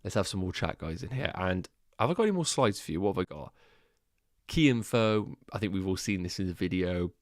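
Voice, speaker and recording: A man with a low voice hosts a casual livestream, thinking aloud and chatting to his viewers. The sound is dry and close, with no room echo. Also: lively intonation, fairly quick. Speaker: fantasy football livestream host.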